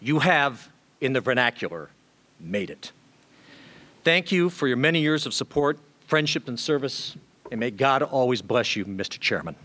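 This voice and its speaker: A man's voice: medium pitch, animated, pushed and bright. Man reading a formal tribute. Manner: measured, formal, reads prepared remarks with small hesitations. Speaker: tribute speaker. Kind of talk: formal prepared tribute speech.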